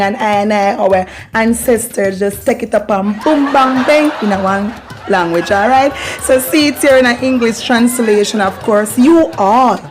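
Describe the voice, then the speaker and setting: A Jamaican woman hosting her channel, teaching patois in a casual way, laughing often and slipping between patois and English. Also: on the high side. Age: adult parent. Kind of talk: casual patois lesson and devotional talk.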